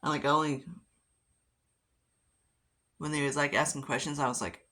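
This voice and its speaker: A woman's voice: deep voice, fairly even intonation, normal speed, long pauses, sharp tone. A woman chatting casually while doing her makeup, rambling and swearing freely. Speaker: beauty vlogger. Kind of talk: casual get-ready-with-me chat.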